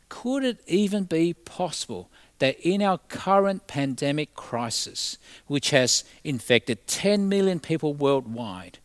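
Lively male pastor preaching a sermon. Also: a little high, no echo. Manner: storytelling, acts out the voices in a parable; leads a quiet prayer.

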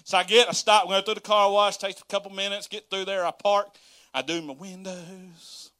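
Bright, lively pastor telling stories. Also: male voice, high voice, moderate pace. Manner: animated, folksy, laughing asides, addresses crowd as y'all. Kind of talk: storytelling sermon.

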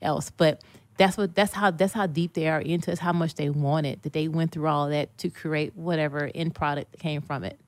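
Low-voiced earnest woman guest. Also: fairly even intonation, normal speed, dry recording. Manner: earnest and motivational, repeats key phrases. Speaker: podcast guest. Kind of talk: casual chat.

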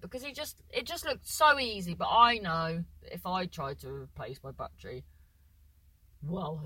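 A young woman tells a meandering anecdote, stopping to correct herself and slipping into the voices of the people in it. Her tone is bright and forward. The recording is dry and close, with no room sound. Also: fairly low pitch, no room sound, low-quality recording. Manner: rambling, self-correcting, with lots of "so then"; swears casually, acts out voices in quotes. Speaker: storyteller. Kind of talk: casual anecdote.

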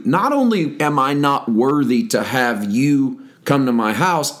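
Man teaching a Bible passage. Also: mid-range voice. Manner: reads scripture aloud then explains it, emphatic on key words. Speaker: pastor. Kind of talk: teaching a Bible lesson podcast.

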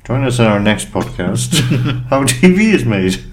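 A man's voice: mid-range voice, big pitch swings, measured pace. A man co-hosting a podcast, chatting casually with sarcastic, teasing remarks. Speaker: podcast co-host.

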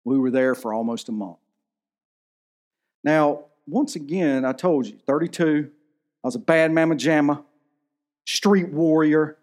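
A man's voice: a little high, measured pace, long pauses, a little mellow. A man in his thirties preaching a sermon in a church, telling a personal story in an earnest, emotional way. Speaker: pastor.

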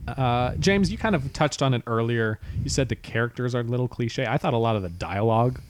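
A man's voice: mid-range voice, fairly quick. A man hosting a casual podcast chat. He jokes, keeps score and teases his co-hosts. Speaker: podcast host.

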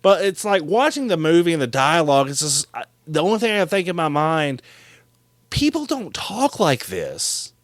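Brief: man, slightly high voice, dry close sound, excitable and profane podcast co-host recapping a film. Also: brisk, hardly any pauses, dry recording. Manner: animated, swears freely, mimics characters. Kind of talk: casual profane movie recap chat.

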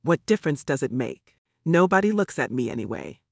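Audiobook: a male reader doing a curious, defiant young girl who asks blunt questions, with a slightly high, dry voice. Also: very animated, brisk, vocal fry, no room sound, exaggerated voice. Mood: sulky. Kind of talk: audiobook character voice.

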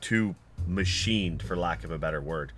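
Man, game master, low voice, bright tone, faint music. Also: normal speed. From California. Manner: descriptive, wry. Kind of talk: narrating a tabletop game.

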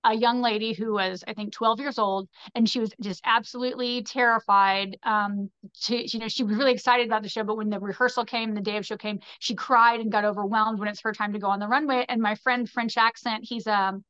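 A fairly high-voiced woman chatting as a podcast guest. She rambles loosely and leans on "like" and "you know". The sound is dry and a little dull and muffled. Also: fairly even intonation, a little fast, hardly any pauses, fairly bright tone, smooth, no echo. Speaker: podcast guest, fashion designer. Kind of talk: casual conversational storytelling.

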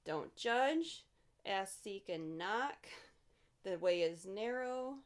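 A woman co-hosts a podcast. She recites scripture and runs through its points in short, clipped phrases, keeping a steady delivery at a middle pitch for a woman. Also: slow pace. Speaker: podcast co-host.

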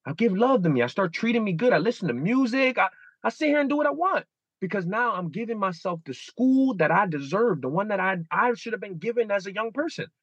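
His voice sits high, very animated, brisk, and fairly bright: a man in his thirties giving an emotional interview as a guest. He's earnest, often repeating and restarting, and acts out inner voices; the dry recording has its highs cut off.

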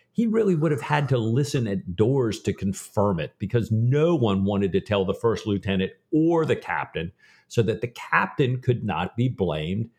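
A man co-hosting a podcast who retells a book's plot casually, with a lot of fillers. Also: mid-range voice. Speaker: podcast co-host. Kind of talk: casual book discussion.

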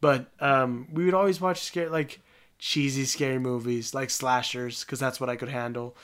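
Guy chatting w friends, lots of laughing and doing little voices for quotes, mid pitch. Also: normal speed. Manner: animated storyteller, acts out quotes, laughs often. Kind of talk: casual chat among friends.

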